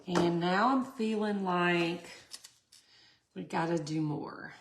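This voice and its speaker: A woman's voice: on the low side, slow pace, a little hiss or hum. A chatty middle-aged woman, hosting a casual craft tutorial and talking to her viewers. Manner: chatty, laughs often, talks to viewers. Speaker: resin art tutorial host.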